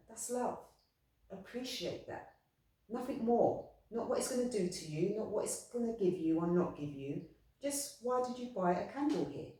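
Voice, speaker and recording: A woman's voice: mid-range voice, animated, moderate pace, dark tone. A woman talking earnestly about spirituality, rambling and repeating herself with frequent restarts. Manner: heartfelt, repetitive, rambling with restarts. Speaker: spiritual medium. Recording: echoey room, distant mic.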